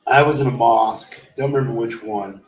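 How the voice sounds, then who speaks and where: A man's voice: mid-range voice, fairly quick, slight background noise. A man telling a loose, rambling story in casual chat, swearing freely and trailing off in fillers. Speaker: vlogger. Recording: roomy echo, distant from the mic.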